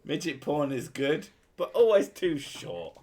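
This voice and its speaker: A man's voice: fairly high pitch, very animated, unhurried, a little mellow. A man chatting crudely on a stream. He jokes constantly and swears freely, laughing at his own lines. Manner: profane, jokey, laughs often. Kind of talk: crude casual chat.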